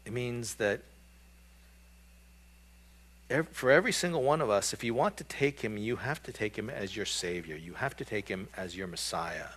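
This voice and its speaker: A man's voice: on the low side, expressive, moderate pace, pauses often, a bit bright. A man preaching a sermon in a conversational way, with frequent fillers and rhetorical questions. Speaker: pastor.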